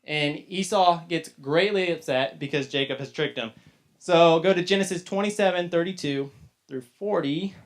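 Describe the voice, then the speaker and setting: A man's voice: fairly high pitch, normal speed. A man teaching a casual Bible lesson to young people, retelling the story loosely with chatty asides. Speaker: youth teacher.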